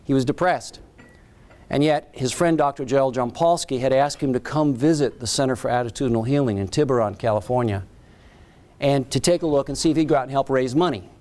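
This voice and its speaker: A man's voice: medium pitch, a little fast, a little mellow. A man giving a keynote speech, telling a story in short, dramatic phrases. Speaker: keynote speaker.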